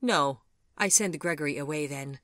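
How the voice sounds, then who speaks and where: A woman's voice: low-pitched, moderate pace, a bit bright, dry recording, studio quality. A woman voicing a proud, composed mother who speaks firmly and reassuringly in a storybook reading. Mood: soothing. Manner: firm and reassuring.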